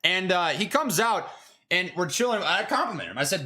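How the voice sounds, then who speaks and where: A young man chats casually on his trading stream, slangy and jokey. His voice is high and bright, and his pitch swings widely as he gets excited. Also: fairly quick. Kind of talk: casual livestream chat.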